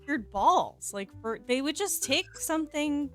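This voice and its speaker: A woman's voice: sits high, expressive, a little slow, faint music behind. A woman co-hosting a podcast, chatting casually and laughing along with her friends. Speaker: podcast co-host. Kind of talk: casual chat.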